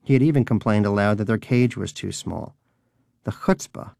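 A man's voice: lowish voice, brisk, vocal fry, darkish tone. A man narrating a comic audiobook in a dry, wry storytelling manner.

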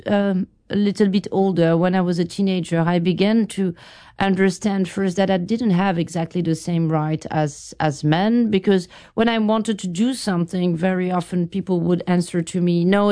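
Woman, middle-aged, smooth resonant voice, reflective interview guest. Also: lowish voice, mellow. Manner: thoughtful, halting, with restarts.

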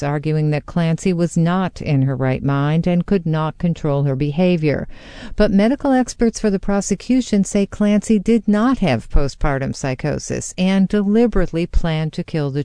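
Female radio correspondent, smooth warm voice, calm scripted report. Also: on the low side, dry recording, clean studio sound.

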